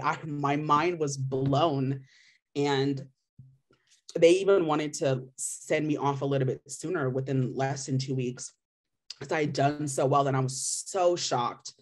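A young woman in her twenties from Missouri, giving a candid, emotional personal testimonial full of "like" fillers. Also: low voice. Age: 20s. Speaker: patient sharing her story.

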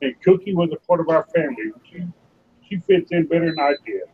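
A man's voice: a little high, animated, quick pace. A man casually telling a rambling family story on an online show, over a tinny phone-like line. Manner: rambling anecdotal. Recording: tinny phone-like call line with faint noise.

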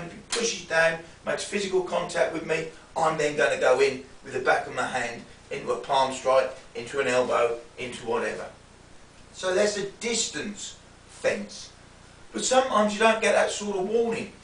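A man teaching self-defence in a demonstration lesson, often checking in with a quick "yeah?". He speaks from a distance in a roomy space with a faint hiss. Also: sits high, a bit bright.

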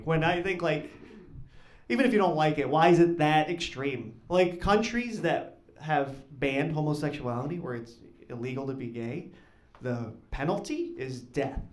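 A man doing a stand-up comedy set on stage, talking in an awkward, deadpan way that rises into loud punchlines. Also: a little high, moderate pace. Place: comedy club stage with live audience. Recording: echoey club with audience noise.

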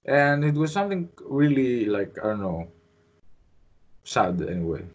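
A man's voice: mid-range voice, very animated, a little slow, highs cut off. Greek man chatting, hesitant. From Greece. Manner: rambling, hesitant, many fillers. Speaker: host. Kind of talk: casual interview chat.

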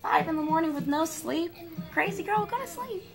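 A woman voicing her pet cat as a bossy, nagging creature, high and squeaky, in a home vlog. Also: animated, normal speed, vocal fry, soft background music, heavily acted. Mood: scolding.

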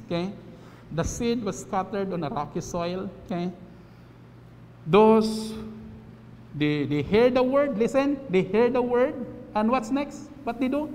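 A preacher with a Filipino accent delivering a sermon, explaining step by step and checking in with the congregation often. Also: medium pitch. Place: church hall. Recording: echoey church hall, faint background noise.

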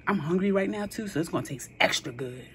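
A young woman vlogger telling a story in a casual, animated way, full of exclamations and playful slang. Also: on the low side, fast talker, background noise.

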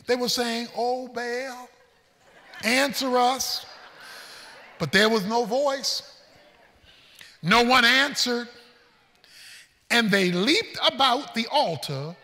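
A man preaching a sermon, storytelling with folksy humor and swinging between shouts and hushed asides. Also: very high-pitched, slow pace, long pauses, long reverb tail. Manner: animated preaching, shouting and then dropping to a hush. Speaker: pastor.

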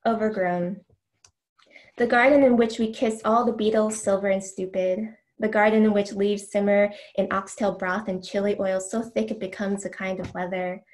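A woman poet giving a slow, deliberate reading of her own poems, with casual asides and ums between them. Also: mid-range voice, a little mellow. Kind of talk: poetry reading.

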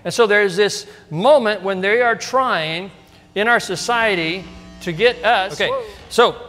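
A middle-aged man preaching a relaxed, conversational sermon. His voice sits a little high for a man, and it rings out with a long hall reverb. He keeps tossing rhetorical questions to the congregation. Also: unhurried. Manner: casual and storytelling, with frequent asides and rhetorical questions. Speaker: pastor. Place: church sanctuary.

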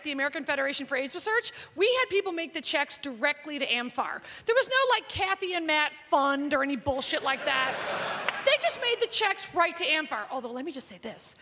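Very high-voiced brash comedienne. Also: female voice, lively intonation, fairly quick, noisy background. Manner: brash, profane, gossipy. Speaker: stand-up comedian. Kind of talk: stand-up storytelling. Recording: live hall recording with audience.

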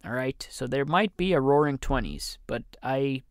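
Dude rambling slow on his own comedy podcast, self-deprecating jokes, dry close mic. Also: mid-range voice, smooth, no room sound. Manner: meandering, self-deprecating, jokey. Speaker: podcast host. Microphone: studio condenser mic.

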